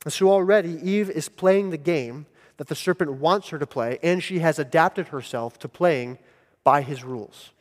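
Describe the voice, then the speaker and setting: Male pastor, higher-pitched voice, emphatic sermon delivery, recorded in a reverberant sanctuary. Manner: deliberate, emphatic teaching. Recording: long hall reverb.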